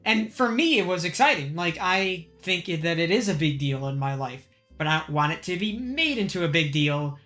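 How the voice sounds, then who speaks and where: Casual podcast host: young woman, low-pitched, level delivery, laughs a lot, many restarts. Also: normal speed, hardly any pauses, soft background music. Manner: even-keeled, frequent laughter, many restarts. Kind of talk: casual group chat.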